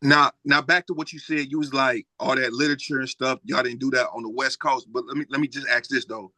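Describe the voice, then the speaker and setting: A man's voice: mid-range voice, fairly even intonation, a little fast, bright, forceful tone, dry recording. A man hosting a podcast in a casual interview, asking eager follow-up questions. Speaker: podcast host.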